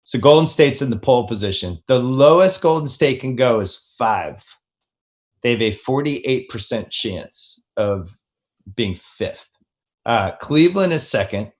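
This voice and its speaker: A man hosting a casual sports podcast, teasing his guests and steering the talk. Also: mid-range voice. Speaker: podcast host.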